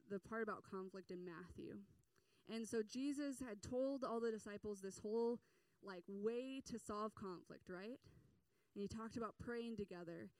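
A woman's voice: mid-range voice, a little mellow, dry recording, distant mic. A woman giving a sermon, paraphrasing a parable in a casual storytelling way with many fillers.

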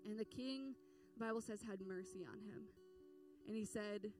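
A woman with a fairly high voice preaches in an easygoing, chatty storytelling manner. She is heard from some distance off the mic, with soft guitar music playing behind her. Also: moderate pace. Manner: casual storytelling with fillers. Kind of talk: sermon.

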